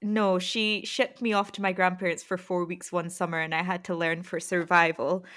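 A woman's voice: on the low side, little pitch movement, normal speed, a bit bright. A young woman with a Scottish accent hosting a casual podcast chat, asking questions and laughing easily. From Scotland. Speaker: podcast host.

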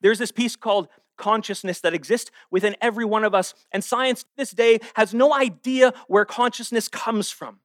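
A man giving a sermon at a church service to a live audience. He jokes with the crowd and then preaches earnestly, swinging between hushed and forceful. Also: high-pitched, steady tone, normal speed, few pauses, no echo, studio quality. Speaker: guest speaker.

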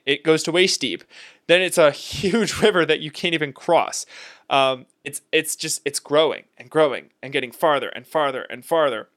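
A man co-hosting a casual theological discussion podcast, talking in an emphatic, animated way and laughing often. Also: mid-range voice. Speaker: podcast co-host.

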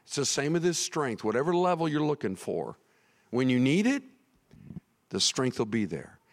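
A male pastor preaching a sermon in a church, animated and conversational, sometimes rising to near shouting. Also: mid-range voice, moderate pace, big-room sound. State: tired.

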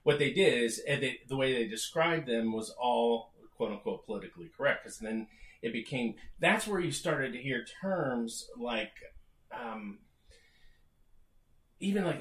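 A man's voice: medium pitch, moderate pace. A middle-aged man co-hosting a podcast, explaining at length and often restarting his phrases. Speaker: podcast co-host. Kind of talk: casual discussion. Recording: roomy echo.

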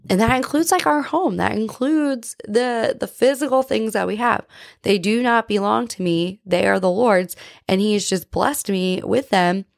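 Recorded with clean studio sound and no room sound, a podcast host speaks in a fairly low, creaky voice. She talks about faith in a chatty, earnest, confessional way, peppering her speech with "like" and "right?"

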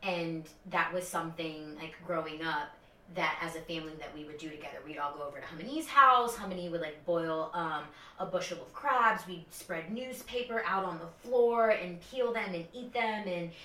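A young woman telling a personal story in casual podcast chat, animated and full of fillers. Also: moderate pace, recorded from a distance. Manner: animated, many fillers, high-pitched quoted voices. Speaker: podcast co-host. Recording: echoey room, off-mic.

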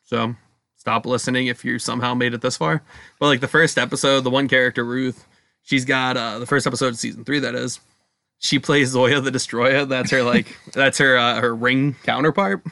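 A man's voice: medium pitch, steady tone, normal speed, vocal fry, bright, forceful tone, no room sound. A man, co-hosting a podcast in rambling, casual chat and laughing often. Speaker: podcast co-host.

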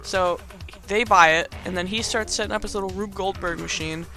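Man, podcast host, rambling casual movie recap, high voice, faint soundtrack behind. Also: fairly even intonation, fairly quick, sharp tone, faint music behind. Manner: rambling, chatty, laughs often. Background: movie soundtrack playing faintly.

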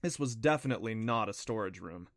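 A man narrating a children's adventure audiobook in a steady, plain storytelling manner. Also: on the low side, a little fast, dry recording, studio quality.

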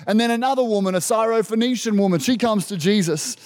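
A man preaching a sermon as pastor, animated and emphatic, calling out to his congregation. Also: high-pitched, fast talker. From Australia. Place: church service. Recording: long reverb of a church hall.

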